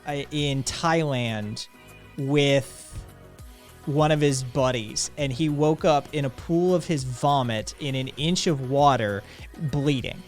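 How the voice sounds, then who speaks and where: Faint music plays behind a man on a livestream as he slowly tells a long, casual anecdote. The podcast co-host has a medium-pitched voice and rambles, acting out quotes and dropping in lots of fillers.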